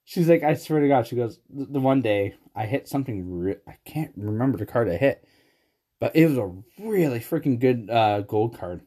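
A man chatting casually on a podcast, telling animated stories and laughing often. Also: medium pitch, moderate pace, husky. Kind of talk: casual chat.

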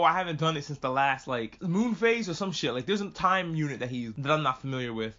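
A man rants his way through a show recap at a brisk clip, cursing casually and wandering into tangents. His voice sits a little on the high side. The recording sounds muffled and lo-fi. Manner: profane, animated, jumps between tangents. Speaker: podcast host.

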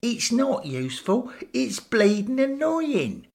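Male actor voicing a petulant ghost fan; high and shouty, storybook sulk. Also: huge pitch swings, unhurried, full character voice. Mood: snapping. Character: sulky hot-headed male ghost football fan.

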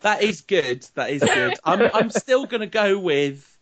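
A man's voice: a little high, lively intonation, moderate pace, a bit bright. A man co-hosting a podcast, telling football stories with wry enthusiasm and frequent laughter. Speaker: podcast co-host. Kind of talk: casual chat.

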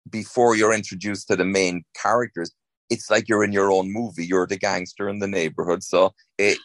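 A man's voice: deep voice, fairly even intonation, moderate pace, fairly bright tone, no echo. An Irish man, an actor, chatting in an interview, rambling with many restarts. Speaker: actor, guest. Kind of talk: casual interview chat.

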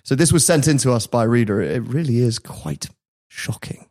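A man's voice: medium pitch, sing-song, moderate pace, darkish tone. A man hosting a podcast, telling a story in casual chat and often laughing at his own asides. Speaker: podcast host.

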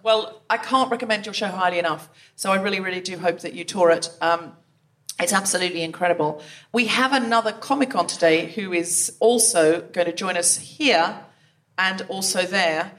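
A woman's voice: lowish voice, normal speed, a bit bright. A woman co-hosting a live show on stage, giving enthusiastic introductions to the acts. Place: comedy venue stage before a live audience.

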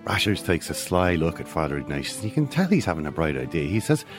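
A man's voice: low voice, very animated, quick pace, over music. A man telling a comic story as a regular show segment, wry and yarn-spinning. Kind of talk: comic monologue.

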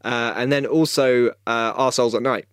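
A man's voice: mid-range voice, fairly even intonation, moderate pace, fairly bright tone, smooth, no room sound, clean studio sound. A man hosting a film podcast, chatting casually with a rambling, hesitant delivery. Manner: rambling, hesitant, many ums and uhs. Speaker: podcast host. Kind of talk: casual chat.

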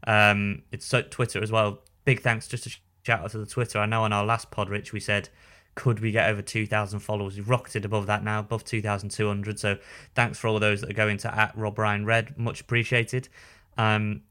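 A man co-hosting a podcast in casual chat, talking haltingly with many restarts and repeated words. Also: fairly low pitch, level tone, bright, forceful tone. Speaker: podcast co-host, newspaper writer.

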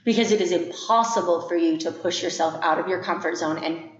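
A woman's voice: fairly low pitch, brisk. A woman co-hosting a podcast in reflective, casual chat, laughing often. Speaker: podcast co-host. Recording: echoey room, dull lo-fi sound.

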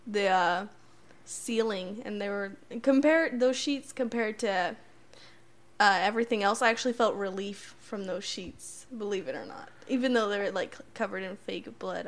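A young woman chatting casually with family about a childhood memory, animated and laughing, with lots of "like". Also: medium pitch, moderate pace, slight background noise. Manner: animated, fillers like "like", laughs often. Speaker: grown daughter recalling childhood.

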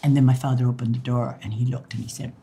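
Speaking fast in a very deep voice against a noisy background, an older woman from Ireland shares her memories in an interview. She brings the stories to life by performing past dialogue, with occasional laughter.

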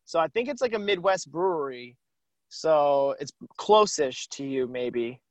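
A man's voice: a little high, lively intonation, a little slow, no echo. A man hosting a casual podcast chat, teasing his guest in an upbeat way and dropping plenty of "like" fillers. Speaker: podcast host.

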